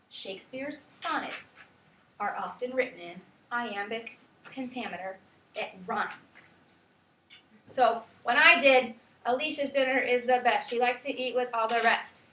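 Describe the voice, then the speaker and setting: Bright high-voiced woman teaching a class. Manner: lively, quizzing students, counts out rhythms. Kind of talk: classroom lecture. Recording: echoey classroom from far off, faint hiss.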